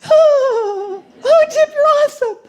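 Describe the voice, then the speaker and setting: A woman's voice: very high-pitched, measured pace, dark tone, voice pushed up. A woman imitating a gushing, tearful female believer at a psychic show, in a squealy, breathless voice.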